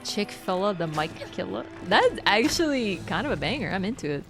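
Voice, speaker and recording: A young woman chatting casually with viewers while livestreaming a game, excitable and reacting out loud. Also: mid-range voice, moderate pace. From Canada. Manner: excitable, reacts aloud to gameplay and chats with viewers. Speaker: streamer. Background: game music.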